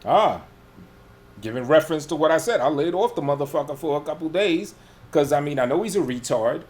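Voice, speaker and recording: A man's voice: fairly high pitch, animated, fairly quick, darkish tone. A man with a somewhat raised voice talks in loose, profane radio chat. He sounds defiant and sure of himself as he brushes off the jabs thrown at him. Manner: profane, defiant, self-assured. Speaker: guest under roast.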